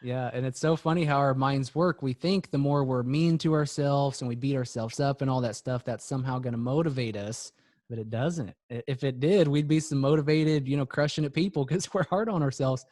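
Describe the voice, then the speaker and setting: A man's voice: mid-range voice, a little fast, a little mellow, dry recording, studio quality. A man speaking as a podcast guest and business coach, earnest and reflective, often repeating words for emphasis. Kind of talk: motivational podcast talk.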